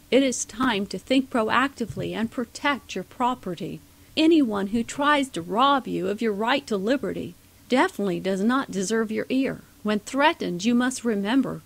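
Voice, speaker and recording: Woman doing parents, earnest, preachy, rousing, rhyming advice, gravelly. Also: mid-range voice. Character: good hillbilly parents, earnest advisers.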